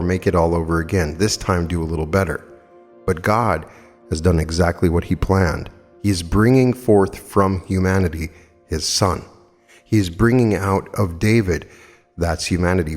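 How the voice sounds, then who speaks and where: Deep-voiced man in his fifties lecturing. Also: darkish tone, in a large hall. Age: 50s. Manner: earnest, emphatic storytelling with rhetorical questions. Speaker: metaphysical lecturer. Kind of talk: spiritual lecture with anecdotes.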